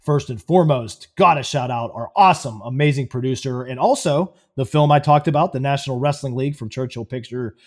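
A man's voice: medium pitch, fairly quick, few pauses. A man co-hosting a podcast in loose, profane banter, worn out from long workdays. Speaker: podcast co-host.

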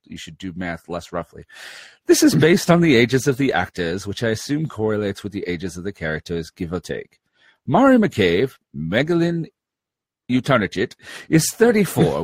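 A man with a husky, slightly breathy voice that swoops up and down as he jokes through a casual podcast chat. He reads listener mail in an animated way, recorded close and dry. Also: fairly low pitch, moderate pace, no room sound. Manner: jokey, laughing banter. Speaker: podcast co-host.

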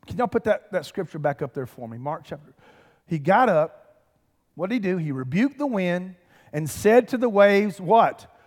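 A man preaches from the pulpit in a fairly high voice, rising into emphatic swells and turning to the congregation with direct calls. His voice carries a long reverb from the large sanctuary around him. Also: darkish tone. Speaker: pastor. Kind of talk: sermon. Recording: long reverb of a big hall.

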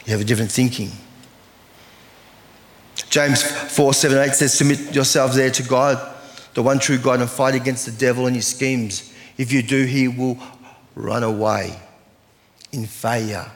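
A man preaches a sermon in an earnest, storytelling way and reads scripture aloud. His voice sits at a middle pitch. A long reverb from a church hall trails after his words. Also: fairly even intonation, measured pace, pauses often. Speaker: pastor.

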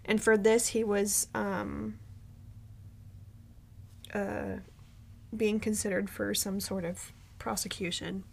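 A woman's voice: mid-range voice, flat delivery, slow pace, gravelly, pauses often. A woman co-hosting a podcast, telling a story in casual chat, rambling with frequent ums and restarts. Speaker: podcast co-host.

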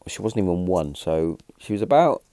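A man in his thirties casually telling rambling stories, lively at the punchlines, with many restarts. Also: deep voice, normal speed, no echo. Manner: rambling, animated when telling a punchline, frequent restarts and fillers. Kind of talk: casual storytelling.

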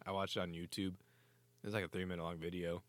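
Man, joking banter, slightly low voice, dry close recording. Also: fast talker, no echo. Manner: animated storyteller, swears, laughs a lot. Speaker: hockey podcast co-host. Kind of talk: casual sports banter.

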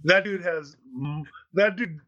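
A podcast host in his thirties with a slightly high voice, chatting casually. He tells a long story in a loose, rambling way, full of ums and uhs. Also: measured pace, sharp tone, dull audio. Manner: rambling anecdotal storytelling with many fillers. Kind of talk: casual chat.

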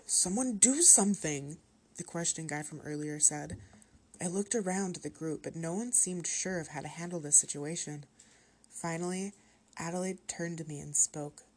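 A woman with a notably low voice reads a horror story aloud, calm and steady. Her narration is measured and even as she carries the listener through the tale.

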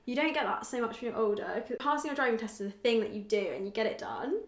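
Fast-talking chatty woman. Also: on the high side. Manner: chatty, enthusiastic, lots of "like". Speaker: podcast host. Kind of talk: casual chat. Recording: echoey room.

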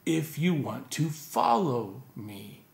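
A man doing a gentle, searching teacher. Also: mid-range voice, sing-song, takes it slowly, gravelly, heavily acted. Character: calm, searching male teacher gently confronting a friend. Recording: echoey room.

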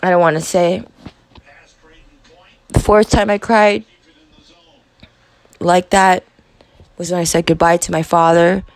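A young woman in her twenties hosts a podcast, telling a personal story in a halting, profane confessional monologue. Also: lowish voice, steady tone, no room sound. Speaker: podcast host.

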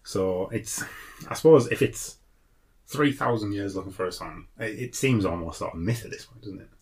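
Give me a low-voiced, reflective man on a podcast. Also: a little mellow. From Northeast England. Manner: measured, reflective, reads passages aloud. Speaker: podcast co-host. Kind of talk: casual book-discussion chat.

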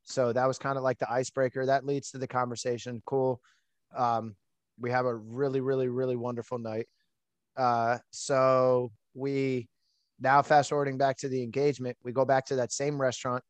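A podcast host tells a personal story in an outgoing, chatty way, with plenty of fillers. His medium-pitched voice is smooth and level at a moderate pace, and the recording is dry.

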